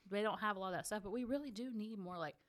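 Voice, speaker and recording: A woman's voice: mid-range voice, rapid-fire. A woman chatting casually as a podcast guest, laughing along. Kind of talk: casual chat.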